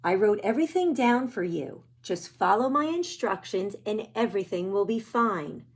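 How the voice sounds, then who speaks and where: A woman voicing a worried male farmer, reading his lines quickly and earnestly from a picture book. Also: mid-range voice, expressive, noisy background, lightly acted. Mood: instructive.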